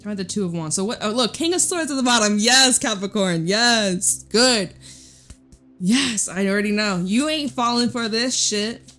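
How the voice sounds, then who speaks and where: A woman's voice: mid-range voice, lively intonation, normal speed, a bit bright, soft background music. A young woman giving a casual tarot reading, chatty and blunt, swearing freely and laughing often. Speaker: tarot reader.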